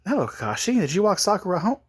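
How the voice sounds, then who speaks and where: A man's voice: high-pitched, sing-song, fast, breathy edge, voice pushed up, full character voice. A man voicing a polite but guarded middle-aged mother.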